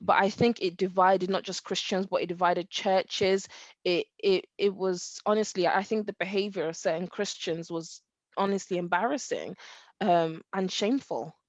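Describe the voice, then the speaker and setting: A woman co-hosting a podcast, talking casually and acting out quotes with animated emphasis. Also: on the low side, moderate pace, no echo. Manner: animated, acts out quotes, laughs. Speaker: podcast co-host. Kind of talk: casual faith discussion.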